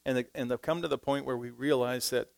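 A man preaching a sermon in church, swinging between quiet, low asides and loud, emphatic passages, speaking into a stage microphone. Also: fairly even intonation, fast, gravelly. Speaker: pastor.

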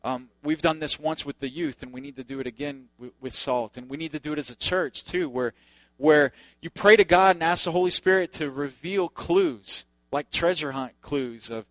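A man's voice: a little high, normal speed, fairly bright tone, no room sound. A man preaching a sermon in a loose, conversational way, with joking asides to the congregation. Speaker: pastor.

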